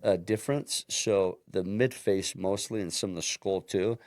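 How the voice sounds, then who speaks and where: A man's voice: low-pitched, measured pace, darkish tone, no echo, clean studio sound. A man guest on an interview podcast, telling his own story earnestly and often restarting his sentences. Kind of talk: casual interview chat.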